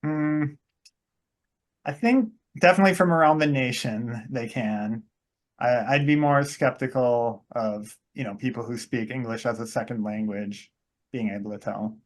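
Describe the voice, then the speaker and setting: A man's voice: medium pitch, measured pace. A man with a Wisconsin accent talking casually on a podcast, thoughtful, saying "like" often and correcting himself as he goes. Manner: thoughtful, heavy use of "like", self-correcting. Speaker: podcast host. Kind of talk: casual chat.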